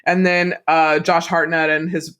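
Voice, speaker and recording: A man's voice: on the high side, level tone, unhurried, pushed and bright, clean tone. A man co-hosting a podcast, reviewing a film in loose, casual chat, swearing freely and acting out scenes. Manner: loose and chatty, swears freely, acts out quotes. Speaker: podcast co-host.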